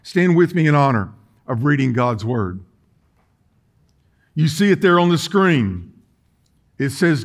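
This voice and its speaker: A man preaching a sermon in a church, folksy and emphatic, swinging between quiet and loud. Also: mid-range voice, very animated, a little slow, pauses often. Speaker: pastor. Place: church sanctuary.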